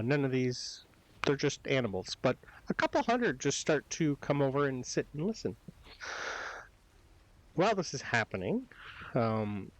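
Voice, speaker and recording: Game master, man, animated delivery, rambling, hesitant narration. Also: mid-range voice, dry recording, low-quality recording.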